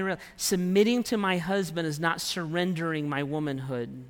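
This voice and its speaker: A man's voice: on the high side, normal speed, hardly any pauses. A man preaching a sermon in a conversational way, acting out the prayers and thoughts of his listeners. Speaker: pastor. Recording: long hall reverb.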